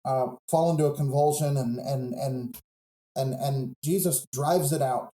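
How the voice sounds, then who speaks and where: A pastor on a podcast, telling a Bible story in an earnest, reflective way. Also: male voice, mid-range voice, a little slow, dark tone, echoey room, low-quality recording.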